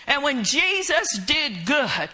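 A woman preaching a sermon with an emphatic, drawn-out cadence. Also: high-pitched, big pitch swings, pushed and bright, low-quality recording.

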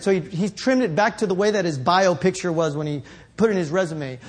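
A male preacher telling a story in a sermon, rambling and correcting himself, building up to shouts. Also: sits high, fairly quick.

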